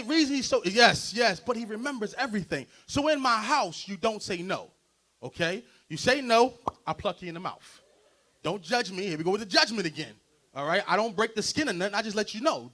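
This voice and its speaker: A man doing a stand-up comedy set, loud and animated, working the crowd between bits. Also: sits high. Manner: loud, animated crowd work with frequent laughs. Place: stage before a live audience.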